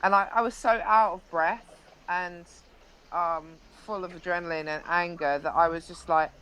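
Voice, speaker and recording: A woman's voice: on the low side, fairly even intonation, normal speed, fairly bright tone, a little hiss or hum, low-quality recording. A young woman, a live-stream interview guest, animatedly recounting an incident with frequent restarts.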